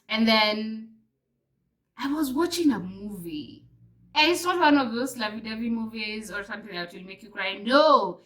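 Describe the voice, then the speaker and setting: A young woman with a Kenyan accent chatting to camera in a casual vlog, telling stories in an animated way and slipping between English and Swahili. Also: mid-range voice, poor audio. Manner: animated storyteller, mixes in fillers. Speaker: vlogger.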